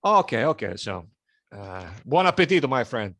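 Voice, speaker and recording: A man hosting a meeting, saying casual goodbyes on a video call, dropping in Italian words between halting fillers. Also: mid-range voice, sing-song, fairly bright tone, no room sound, studio quality. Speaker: meeting host.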